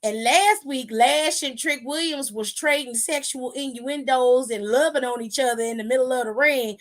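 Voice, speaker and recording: A woman host giving a sassy, animated wrestling recap full of slang and swearing. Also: high voice, moderate pace. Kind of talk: casual recap commentary.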